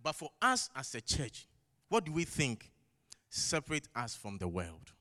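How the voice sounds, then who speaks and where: Preaching at a measured pace, this non-native English speaker has a mid-range voice with a sharp tone and huge pitch swings. His emphatic sermon in the church hall poses rhetorical questions and repeats key phrases, and the large hall's long echo trails each word.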